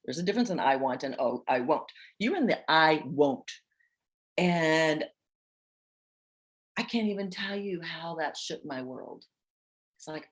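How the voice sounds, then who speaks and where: Host, female, 60s, low voice, expressive spiritual coach talk. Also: a little slow, long pauses. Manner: expressive, acts out inner voices with laughter. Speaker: host of a women's group chat.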